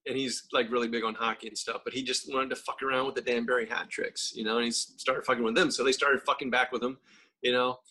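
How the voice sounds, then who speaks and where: Bright, profane American podcast host. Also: male voice, medium pitch, flat delivery, quick pace, husky. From United States. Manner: profane, jokey storyteller. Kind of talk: casual podcast chat.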